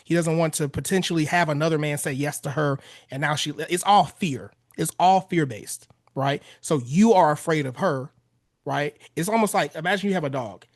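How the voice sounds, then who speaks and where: A man's voice: on the high side, moderate pace, no room sound, clean studio sound. A man in his thirties, a relationship coach giving blunt, casual advice on a podcast and swearing freely. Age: 30s.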